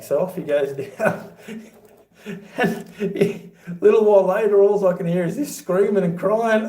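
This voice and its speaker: A man's voice: sits high, normal speed, mellow. A middle-aged Australian man hosting a casual livestream, telling stories and laughing through his own yarns. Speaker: livestream host. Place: home with boxed-up rooms. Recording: echoey room.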